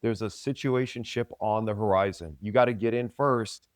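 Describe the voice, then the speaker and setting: A man's voice: on the low side, moderate pace, no room sound, studio quality. A man co-hosting a podcast and coaching fitness, teasing and joking in casual banter. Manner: joking, teasing, playful impressions.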